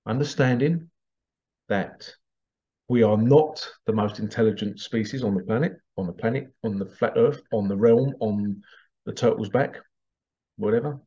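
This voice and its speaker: A man's voice: fairly low pitch, normal speed, warm tone. A man talking in a rambling, casual monologue, chuckling now and then. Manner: rambling, chuckling, acts out bits in funny voices. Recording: slightly dull lo-fi audio.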